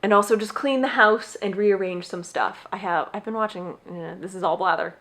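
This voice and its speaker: A woman's voice: mid-range voice, normal speed, fairly bright tone. A young adult woman hosting her own podcast, chatting casually and rambling with gushing enthusiasm. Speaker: podcast host. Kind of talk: casual solo chat.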